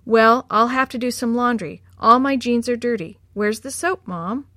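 Woman reading worried boy, earnest, slightly higher pitch, dry recording. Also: normal speed, bright, forceful tone, no room sound.

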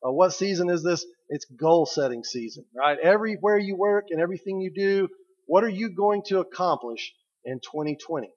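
A pastor giving a conversational sermon, stressing key words and slowing down for emphasis. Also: male voice, sits high, animated, lo-fi sound. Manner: conversational, emphatic preaching with slow pauses.

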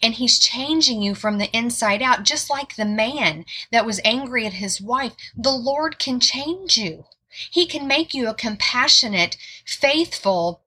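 A woman's voice: on the high side, animated, unhurried, pushed and bright, husky. A woman giving an informal sermon, earnest and repeating words for emphasis. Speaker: Bible teacher.

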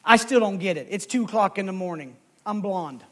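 An emotional male preacher with a strikingly high voice for a man, telling a story in his sermon. He moves from hushed narration to shouted, fervent calls, and his pitch stays very high throughout. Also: animated, fairly quick. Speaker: pastor.

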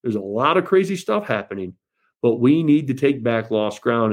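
A man's voice: mid-range voice, expressive, moderate pace. A man giving an impassioned political speech to supporters, rousing and repeatedly calling them folks. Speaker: political speaker.

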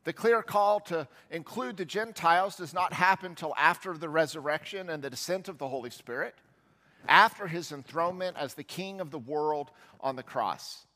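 A male pastor preaching a sermon, telling a Bible story and voicing its characters as he goes. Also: moderate pace. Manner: storytelling, voicing quoted figures with shifts in pitch and loudness. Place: church sanctuary. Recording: long church reverb.

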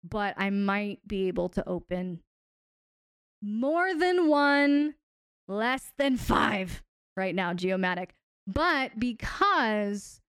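Playful woman host with a smooth voice. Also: medium pitch, no room sound, studio quality. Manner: playful and teasing, laughs often. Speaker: host and relationship coach. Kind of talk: casual live-stream sign-off answering chat.

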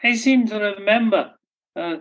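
A man's voice: high-pitched, unhurried, a bit bright, voice pushed up. An older man putting on the voice of a very deaf, dotty old lady who speaks in a quavering, bewildered way.

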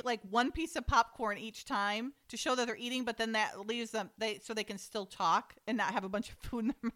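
A woman's voice: on the high side, bright, forceful tone. A woman hosting a casual talk show, chatty and amused, recapping a script and reading its dialogue aloud. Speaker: podcast host.

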